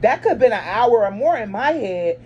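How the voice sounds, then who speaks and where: A woman, a mother, telling a personal story to her viewers in casual chat. She is blunt and lively, and she acts out each side of the dialogue with sudden jumps in pitch. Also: moderate pace, muffled recording, slight background noise. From lives in Arizona. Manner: blunt and chatty, talks straight to viewers.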